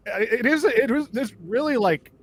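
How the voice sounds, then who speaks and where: A man co-hosting a comedy podcast, talking in a profane, excitable, ranting way. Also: very high voice, moderate pace, slightly rough. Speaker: podcast co-host. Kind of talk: casual comedy chat.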